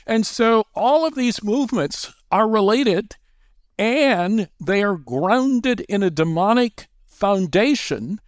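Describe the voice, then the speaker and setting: A man who is a guest author, explaining his views in a measured, lecturing way. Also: high-pitched, animated, dry recording, studio quality. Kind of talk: interview conversation.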